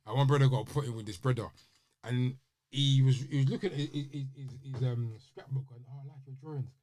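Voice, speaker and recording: A man's voice: mid-range voice, a little fast. A man co-hosting a podcast, telling anecdotes in casual chat and acting out the voices of the people in them. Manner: animated storyteller, acts out voices in his anecdotes. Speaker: podcast co-host.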